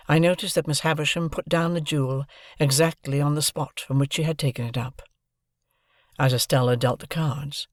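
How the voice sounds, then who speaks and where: A man reading a classic novel aloud as an audiobook narrator, with a measured, expressive delivery. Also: mid-range voice, dry recording, clean studio sound.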